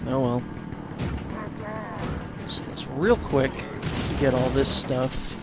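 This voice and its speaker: Loud music plays behind a man's slow, steady, mid-range voice as he hosts a let's play. His talk is casual and rambling, full of restarts and sudden curses.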